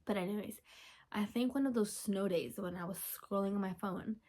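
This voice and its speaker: A young woman hosting a podcast, chatting casually from home, gushing and chatty with sudden whispers and excited squeals. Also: medium pitch, normal speed. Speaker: podcast host. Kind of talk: casual chat.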